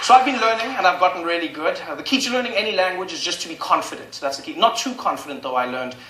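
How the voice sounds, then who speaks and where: A young South African man doing stand-up on a late-night show, animated and slipping into character voices. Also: quick pace. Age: 20s. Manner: animated, jumps into high-pitched character voices for quoted people. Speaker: stand-up comedian. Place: television studio stage. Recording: echoey studio with audience noise.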